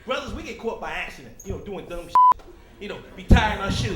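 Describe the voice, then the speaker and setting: A man doing a stand-up comedy set, animated, talking straight to the crowd and slipping into loud character voices. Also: sits high, fast, roomy sound. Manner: talks directly to the crowd. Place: comedy club stage.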